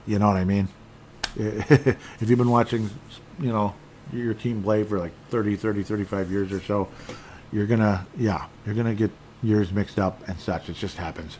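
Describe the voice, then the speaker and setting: A man's voice: lowish voice, darkish tone, slight background noise. A middle-aged man hosting a casual sports podcast, rambling through stats with frustrated, self-deprecating asides. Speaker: podcast host.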